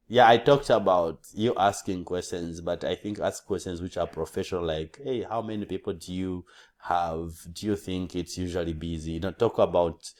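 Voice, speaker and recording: A man's voice: low-pitched, darkish tone. A man coaching English test takers in a casual, earnest monologue, repeating key points and often restarting his sentences.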